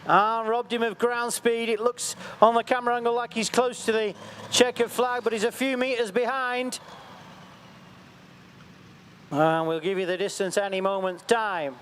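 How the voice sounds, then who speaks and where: A man giving excitable, jokey live commentary at an outdoor event. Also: extremely high pitch, moderate pace. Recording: faint outdoor background noise.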